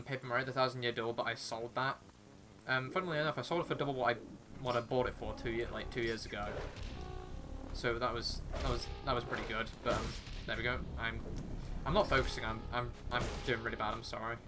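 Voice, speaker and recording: A young British man chatting casually while livestreaming a video game, rambling with lots of fillers and restarts. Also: mid-range voice. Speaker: streamer. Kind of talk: casual chat while gaming. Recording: faint background music.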